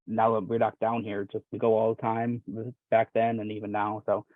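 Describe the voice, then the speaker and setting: A man's voice: lowish voice, completely flat delivery, moderate pace, no room sound. A young man from Wisconsin chatting casually as a podcast guest, rambling with lots of fillers and restarts. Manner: rambling, many fillers and restarts, laughs often. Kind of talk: casual chat. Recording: dry, tinny phone-like line.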